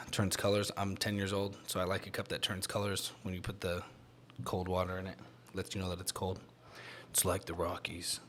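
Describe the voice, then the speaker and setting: A man's voice: deep voice, monotone, moderate pace, fairly bright tone, a little hiss or hum. A man hosting a solo podcast, talking in a rambling, self-deprecating way with lots of restarts, a bit out of breath. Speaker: podcast host.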